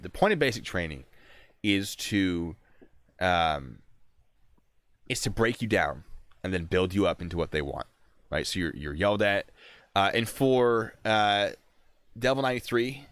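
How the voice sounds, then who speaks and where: A young man, a sergeant hosting a casual chat, telling stories in an animated way. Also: lowish voice, no room sound. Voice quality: animated, shouts in retold scenes. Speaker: host, army sergeant.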